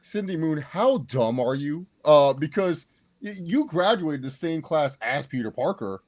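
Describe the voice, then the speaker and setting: A man chatting casually as a podcast co-host, excitable and animated as he reviews a movie. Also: fairly high pitch, unhurried. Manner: excitable, animated, acts out quotes.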